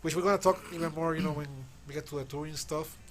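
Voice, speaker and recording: A man's voice: a little high, steady tone, quick pace, soft background music. Spanish-accented man, musing and hedging. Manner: thoughtful, hedging, explains with trailing "you know". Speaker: co-host and musician. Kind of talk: casual chat.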